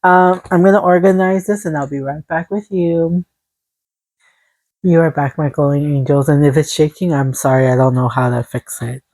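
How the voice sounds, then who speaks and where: A woman's voice: deep voice, normal speed, few pauses, darkish tone, dry recording, low-quality recording. A woman giving a casual tarot reading into her phone, soothing and encouraging, a little out of breath. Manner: soothing, encouraging, talks to viewers as "glowing angels". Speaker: tarot reader. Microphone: phone camera.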